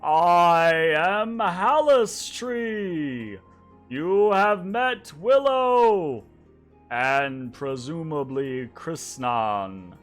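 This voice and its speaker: Guy doing a big booming old tree, slow and grand, faint music under it. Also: expressive. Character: ancient booming male talking tree.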